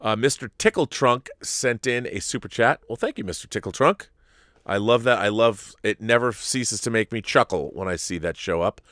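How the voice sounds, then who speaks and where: A man's voice: lowish voice, lively intonation, normal speed, fairly bright tone, dry recording, studio quality. A man hosting a live-streamed talk show, chatting casually to viewers in a rambling, stop-start way at a desk mic.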